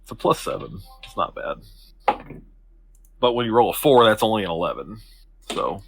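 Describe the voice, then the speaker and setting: A man's voice: fairly low pitch, lively intonation, normal speed, slight background noise. A man playing a tabletop game, chatty and joking with the table. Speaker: player. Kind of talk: casual tabletop game play.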